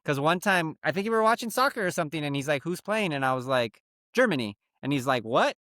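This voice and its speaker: A man co-hosting a comedy podcast, telling stories with lively acted-out quotes. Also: on the high side, fast talker, no room sound, studio quality. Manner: animated storyteller, acts out quoted people. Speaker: podcast co-host. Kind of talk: casual comedy podcast chat.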